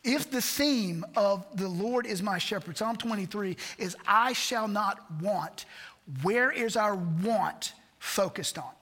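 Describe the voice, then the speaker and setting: This pastor is a man with a high, bright voice who preaches a sermon slowly. His delivery is earnest and repetitive, leaning on rhetorical questions. He speaks in a church sanctuary, and the recording carries the reverb of a church hall.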